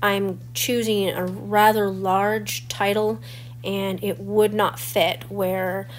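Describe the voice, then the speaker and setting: A woman's voice: mid-range voice, level tone, takes it slowly. A woman in her forties with a stuffy, slightly crackly voice from a cold, chatting through the steps of a scrapbooking tutorial. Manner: chatty and explanatory, walking through each step. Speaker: scrapbooking channel host. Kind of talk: crafting tutorial voice-over.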